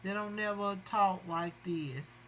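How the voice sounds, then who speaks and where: In a relaxed makeup tutorial, a beauty vlogger talks to "y'all" as she works, slow-paced in a medium-pitched, slightly bright voice. The recording is rough, with a little hiss or hum.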